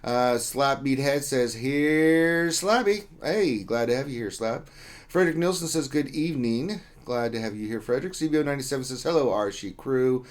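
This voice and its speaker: With a brisk, mid-range voice, a man hosts a casual livestream. He works through chat names and greetings aloud in a loose, joking style.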